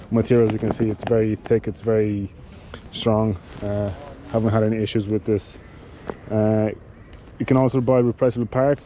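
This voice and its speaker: A man giving a casual product demonstration of cycling gear, talking in a halting way with many fillers and restarts. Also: on the low side, warm tone, slight background noise, poor audio.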